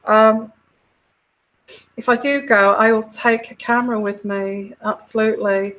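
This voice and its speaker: Slow, rambling British woman livestreaming. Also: on the high side, steady tone, fairly bright tone, poor audio. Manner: meandering, hesitant with many fillers. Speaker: tarot livestream host. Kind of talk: casual livestream chat reading comments.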